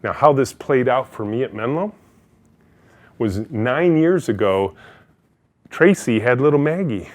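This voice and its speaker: A man's voice: mid-range voice, unhurried, long pauses. A middle-aged man, a company CEO, giving a storytelling keynote talk and acting out the people in his anecdotes. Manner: energetic, animated storyteller who acts out quotes.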